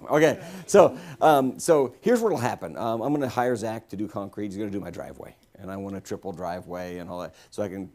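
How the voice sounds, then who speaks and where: A man's low-sitting, slightly mellow voice moves a little fast with few pauses as he gives a guest sermon in the church sanctuary. Playful and joking, he talks to the congregation and invites people up to take part.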